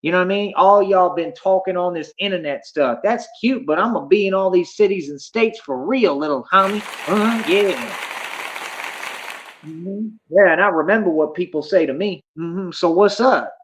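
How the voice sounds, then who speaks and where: A man's voice: sits high, moderate pace. A man livestreaming, ranting at his chat in a boastful, confrontational, slangy way. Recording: dull lo-fi stream audio.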